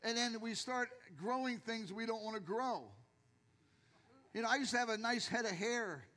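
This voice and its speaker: An older man preaching from a church stage, his voice high and bright as he tells jokey stories and acts out other people's lines. The long reverb of a large hall trails behind every phrase. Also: normal speed. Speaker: pastor. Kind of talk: sermon.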